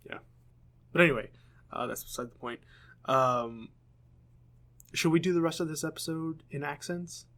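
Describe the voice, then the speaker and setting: A young American man co-hosting a podcast, chatting casually, often restarting sentences and filling pauses with ums. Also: a little high, fairly bright tone. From United States. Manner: rambling, self-correcting, frequent ums. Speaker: podcast co-host. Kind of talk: casual chat.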